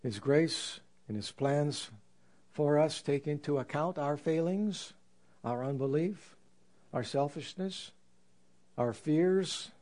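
A man preaching a sermon in an earnest, reflective way, slowing down to stress scripture. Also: on the high side, darkish tone. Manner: earnest, reflective, with slow emphatic scripture quotes.

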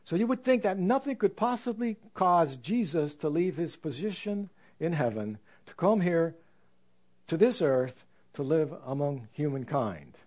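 A man preaching a sermon in an earnest, reflective way, slowing down to stress scripture. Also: on the high side, lively intonation, a little mellow. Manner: earnest, reflective, with slow emphatic scripture quotes.

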